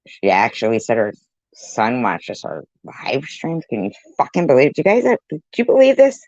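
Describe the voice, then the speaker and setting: A woman's voice: very deep voice, wildly swooping pitch, normal speed, a little mellow, no room sound. A woman hosting a commentary channel, mocking and sarcastic as she reacts to clips, swearing freely. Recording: dull lo-fi dry sound.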